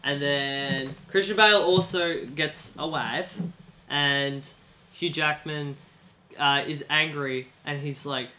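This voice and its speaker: A man's voice: on the high side, fairly even intonation, slow, pushed and bright, a little hiss or hum. A young man retelling a movie plot in casual chat, rambling and acting out characters in silly voices. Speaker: podcast co-host.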